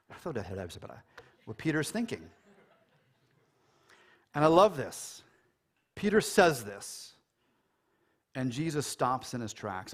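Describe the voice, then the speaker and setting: An American man preaching a sermon in a casual, animated way, joking and acting out quoted lines. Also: medium pitch. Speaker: pastor. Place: church.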